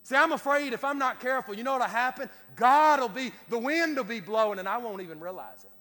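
A man's voice: very high-pitched, expressive, fast, pushed and bright. A man preaching a sermon as pastor, repeating words and restarting phrases as he builds his cadence. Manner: repetitive stammering restarts, rising to a preacher's cadence. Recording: long hall reverb.

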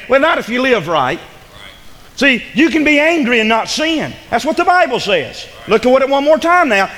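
A man's voice: very high voice, very animated, normal speed, fairly bright tone. A male pastor preaching a sermon in a church, calling out for amens and building to fervent emphasis. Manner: preaching with rising fervor, call-and-response amens. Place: church sanctuary. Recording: long hall reverb.

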